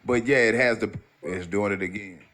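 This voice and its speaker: A man calling in over a video call to argue his point, earnest and insistent. His voice sits fairly low. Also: fairly quick, a bit bright. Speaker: guest caller. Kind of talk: opinionated call-in discussion.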